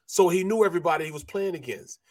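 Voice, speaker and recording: A middle-aged man spins a lively sports-radio yarn, slipping into the voices of the people in his story. His voice sits a little high for a man. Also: fast talker, no room sound. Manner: animated storyteller, acts out quotes. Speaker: co-host, former NFL lineman.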